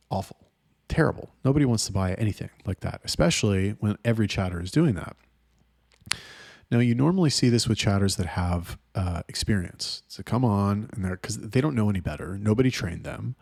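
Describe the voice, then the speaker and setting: A young man with a low voice rambles through a casual monologue, blunt and profane and full of restarts. The sound is dry and close, with no room echo. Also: expressive, fairly quick, vocal fry, darkish tone. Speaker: host.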